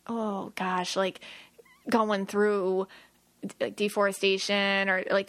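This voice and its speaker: A woman co-hosting a podcast, talking casually as an aura reader, animated and often acting out quoted voices with laughs. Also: mid-range voice, no room sound. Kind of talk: casual chat.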